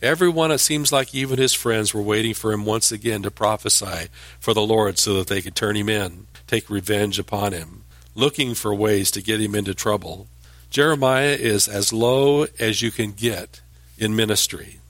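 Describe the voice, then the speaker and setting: A man's voice: on the low side, moderate pace, fairly bright tone, dry recording. A man teaching scripture verse by verse. He explains as he goes, restarting some words and lifting his voice for emphasis. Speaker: Bible teacher.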